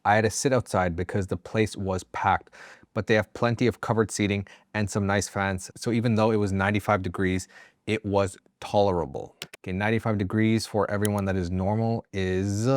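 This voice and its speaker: A man's voice: fairly low pitch, steady tone, normal speed, no echo, studio quality. A man reading online stories aloud as a channel host, breaking in with casual, profane, joking asides. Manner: casual, swears freely, jokey asides. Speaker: story narrator and channel host.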